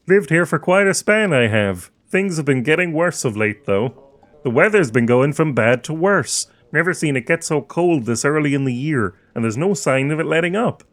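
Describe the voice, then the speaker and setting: A man's voice: a little high, lively intonation, moderate pace, a bit bright, pitched above the performer's own voice. Fields: man as a folksy, prejudiced townsman. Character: prejudiced middle-aged male townsman, plainspoken.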